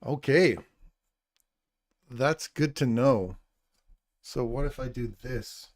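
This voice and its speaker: A man's voice: mid-range voice, slow, a little mellow. A middle-aged man hosting a live stream, chatting casually in a jokey, rambling, self-deprecating way. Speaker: livestream host.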